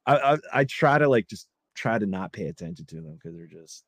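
A man's voice: fairly low pitch, animated, brisk, no echo. A man ranting casually and profanely, rambling with many fillers, false starts and restarts. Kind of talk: casual political chat.

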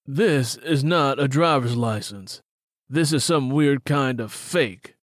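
Man voicing a police officer, skeptical, blunt, slow and deliberate, dry studio sound. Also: medium pitch, no room sound, natural voice. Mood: suspicious. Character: stern small-town male police officer, skeptical. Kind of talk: audiobook character voice.

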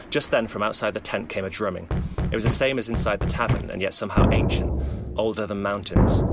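A man's voice: fairly low pitch, steady tone, a little fast, heavy background noise. A man telling a spooky holiday story with dramatic, rhythmic narration. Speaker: podcast storyteller.

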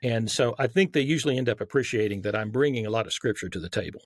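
A man's voice: medium pitch, fast talker, no echo. A man with a light Southern accent, a podcast guest explaining his argument earnestly, with frequent restarts. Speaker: guest author. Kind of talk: casual podcast conversation.

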